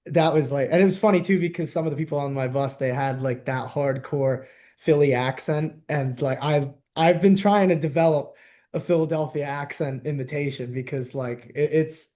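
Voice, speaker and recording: A young man from the New Jersey–New York area, hosting a podcast in casual, animated chat and laughing often. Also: on the high side, normal speed. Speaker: podcast host.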